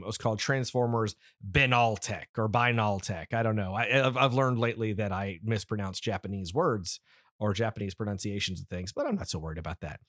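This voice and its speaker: A man's voice: lowish voice, fairly bright tone, dry recording, studio quality. A man in his thirties hosting a podcast, chatting casually and rambling with lots of restarts and fillers. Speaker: podcast host. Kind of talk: casual nerdy chat.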